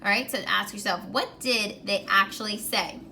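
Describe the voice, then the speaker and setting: A woman teacher giving a recorded grammar lesson to young students, clear and encouraging, slowing down while she writes on a whiteboard. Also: medium pitch, bright, forceful tone, slight background noise.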